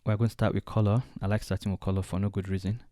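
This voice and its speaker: A man walking through a design software tutorial step by step, thinking aloud as he clicks along. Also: fairly low pitch, flat delivery, rapid-fire, dry recording, studio quality. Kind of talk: screen-recorded software tutorial.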